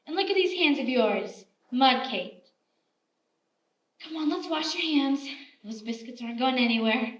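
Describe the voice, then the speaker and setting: A woman's voice: high voice, expressive, measured pace, long pauses, recorded from a distance. An actress playing a motherly, scolding frontier woman who bakes biscuits, acted live on a theater stage. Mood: chatty scolding. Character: kindly, bossy frontier woman baker. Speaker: stage actor. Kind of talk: live stage play acting. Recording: roomy theater stage, heard from afar.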